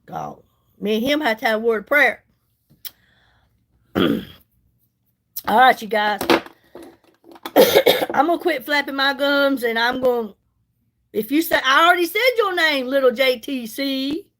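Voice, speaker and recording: A woman's voice: high-pitched, big pitch swings, unhurried, long pauses, fairly bright tone, rough recording. A middle-aged woman, chatting casually and sassily with viewers on a livestream while doing her makeup. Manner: chatty, sassy, folksy, greets viewers by name. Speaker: livestream host selling products.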